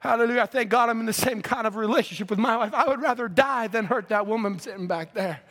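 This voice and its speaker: A man preaching with a very high, bright, forceful voice. He swells from a low, earnest tone into ringing shouts as he presses his points to the congregation. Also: quick pace. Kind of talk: fervent sermon. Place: church sanctuary.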